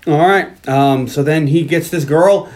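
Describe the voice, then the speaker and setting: A podcast host casually retelling a movie plot, loose and profane, with frequent laughs. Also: male voice, a little high, unhurried, darkish tone. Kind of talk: casual movie recap chat.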